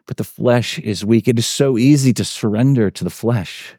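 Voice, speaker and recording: A man's voice: mid-range voice, expressive, moderate pace, few pauses, mellow, no echo. Male pastor, sermon, conversational, dry close sound. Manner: conversational, lots of "like" and "right".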